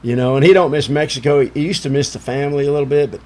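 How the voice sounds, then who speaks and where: A man's voice: mid-range voice, racing, a little mellow. A man in his sixties from Chicago, telling rambling stories as a podcast guest, with lots of "you know" fillers. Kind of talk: casual storytelling chat.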